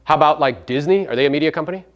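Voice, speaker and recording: A man's voice: on the high side, rapid-fire, muffled recording. A man giving a live motivational seminar talk to real estate agents, brash and profane, firing rhetorical questions at the audience.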